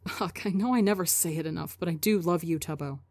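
A woman's voice: fairly low pitch, fast talker, darkish tone, dry recording. Woman reading as a frantic pleading young man. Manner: pleading, swearing.

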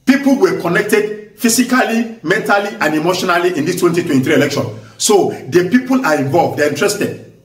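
A man with a Nigerian accent giving impassioned political commentary, forceful and emphatic, hammering points through repetition. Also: high voice, expressive, fairly quick. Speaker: vlogger. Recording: echoey room, voice distant from mic.

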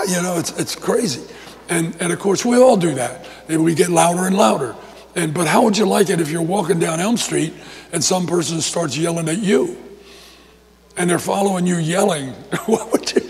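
A male pastor preaching a sermon, telling a story with lively repetitions and restarts. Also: a little high, normal speed, in a large hall.

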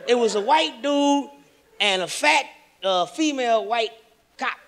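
High, gravelly-voiced man doing stand-up. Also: expressive, unhurried. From Kansas City, Missouri. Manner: profane, loud storytelling with acted-out voices. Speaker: stand-up comedian. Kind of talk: stand-up comedy set. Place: comedy stage before a large audience. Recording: live stage mic with a laughing crowd.

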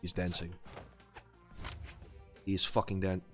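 A man's voice: deep voice, completely flat delivery, slow pace, music in the background. Tired young man raging over a game. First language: not English. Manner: raging, swearing, muttering to himself. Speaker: gaming YouTuber. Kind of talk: live gameplay commentary.

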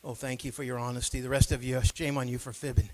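A man preaching a sermon as pastor, swinging between quiet low talk and loud shouting, with call-and-response asides to the congregation. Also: little pitch movement, quick pace, low-quality recording.

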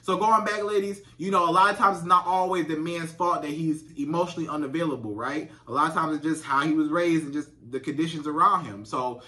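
A man's voice: a little high, fairly quick, hardly any pauses, bright, forceful tone. A man giving relationship advice to women in a casual monologue, stammering, restarting and repeating himself. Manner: repetitive, stammering restarts, acts out quoted voices.

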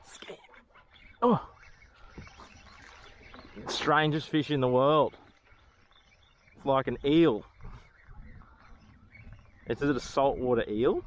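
An Australian man vlogs while fishing on a boat at sea, exclaiming and joking in playful slang. His mid-range voice draws out words and pauses often. The outdoor boat audio is noisy.

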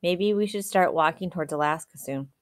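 Woman voicing an anxious young boy, worried questions, fretful, slightly low voice. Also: fairly quick, no echo, clean studio sound, natural voice.

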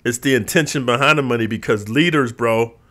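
A man hosts his own show and rants straight to his viewers, swearing freely and dropping "bro" at every turn. His voice is bright and forward, and he keeps slipping into mimicked voices of the people he complains about. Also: medium pitch, brisk. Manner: profane, streetwise, says bro a lot; lively, mimics others in quoted voices. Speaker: channel host. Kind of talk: ranting monologue to viewers.

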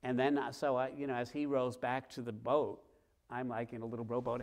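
A middle-aged author talking with a host before a live theater audience, telling stories in a lively way and acting out scenes. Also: male voice, mid-range voice, brisk. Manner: lively, acts out scenes with sounds and quoted voices. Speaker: author guest. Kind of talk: animated storytelling in conversation.

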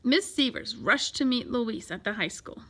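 A woman reads a children's picture book aloud in an expressive storytelling voice. Her tone is bright and sits high, with an animated, swooping melody. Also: moderate pace, breathy edge. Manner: expressive and lively.

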